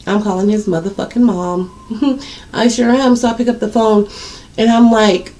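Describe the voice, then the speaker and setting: A woman with a fairly high, steady, mellow voice speaks at a moderate pace, telling her viewers a personal story. As a storytime vlogger, she's casual, blunt and profane, addressing her audience directly and repeating words for emphasis.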